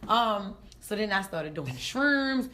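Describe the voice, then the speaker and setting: A woman, speaking at an ordinary middle pitch. She tells her stories with lively energy and laughs often, slipping into voices for the people she quotes. There is a faint noise in the background. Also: slow pace. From Baltimore, Maryland, USA. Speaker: comedian guest. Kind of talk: casual interview storytelling.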